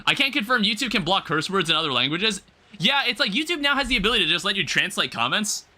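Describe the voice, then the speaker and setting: Brief: male streamer, high, bouncy voice, rambling casual chatter while gaming. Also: very animated, quick pace, pushed and bright. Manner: rambling, self-correcting, chatting with viewers; casual, swears lightly. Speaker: livestreamer. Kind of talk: casual gameplay commentary.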